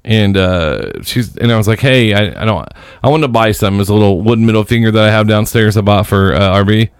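A man hosts a casual podcast, telling long, rambling stories and swearing freely. His voice is smooth and clear. It sits dry and close on the mic, with no room sound. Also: fairly low pitch, animated, fast talker, no echo. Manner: rambling, profane, acts out other people's voices. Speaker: podcast host. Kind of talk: casual storytelling chat.

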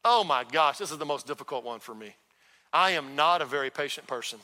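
A male pastor with a bright, forceful, slightly high voice, preaching in a conversational way. He acts out little exchanges as he goes. The sound carries a long reverb, as in a large church hall. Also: expressive, brisk. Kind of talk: sermon. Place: church sanctuary.

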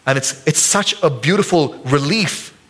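A man preaching a sermon as pastor in a church service, casual and joking with the congregation, jumping high in pitch when acting out quotes. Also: measured pace, fairly bright tone.

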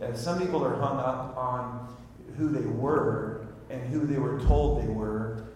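Man, guest minister, animated storyteller, strong echo, distant from mic, faint noise. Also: mid-range voice, unhurried. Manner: animated storyteller, laughing often. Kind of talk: storytelling and prophecy. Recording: very echoey hall, far from the mic.

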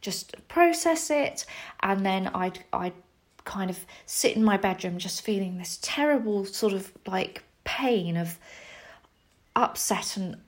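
A woman's voice: medium pitch, slow. Candid woman telling her story. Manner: candid and self-deprecating, animated when quoting herself. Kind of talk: personal storytelling.

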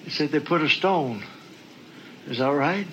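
A man preaching a sermon, going from quiet scripture reading to shouted praise and talking folksy and direct to the congregation. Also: a little high, expressive, measured pace, highs cut off, a little hiss or hum. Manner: folksy, talks straight to the congregation.

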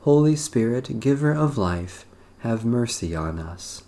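Man reading night prayers real slow, soft warm voice, solemn and steady. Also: mid-range voice. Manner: measured, solemn liturgical reading. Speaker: prayer leader. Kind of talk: slow recited evening prayer.

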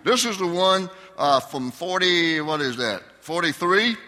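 A man's voice: on the high side, expressive, unhurried, pushed and bright. An older man preaching a conversational Sunday sermon, asking his congregation questions. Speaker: pastor. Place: church sanctuary. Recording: long hall reverb.

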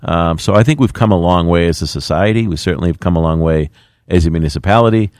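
A man's voice: deep voice, fast talker, a little mellow, no room sound, clean studio sound. A middle-aged man, a mayor speaking in a plainspoken, folksy way with plenty of fillers. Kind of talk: radio interview talk.

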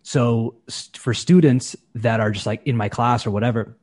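On a podcast, a man who teaches English chats casually at normal speed in a mid-range voice. Animated, he acts out quoted lines with shifting voices.

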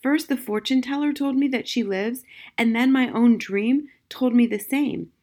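A woman reading an audiobook, voicing a fiery, excitable middle-aged wife who speaks emphatically and indignantly. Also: fairly high pitch, normal speed, pitched above the performer's own voice. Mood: insistent. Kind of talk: audiobook character voice.

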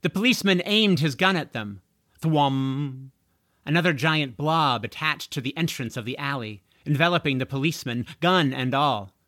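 A man narrating a chapter of a children's fantasy audiobook in a slow, expressive storytelling manner. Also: on the high side, no echo, clean studio sound.

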